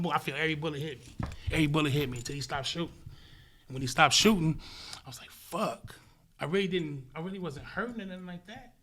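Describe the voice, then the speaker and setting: A man with a slightly high voice guests on a podcast, telling a profane, vivid story in a casual way. He performs the sounds himself and alternates between loud outbursts and soft murmurs.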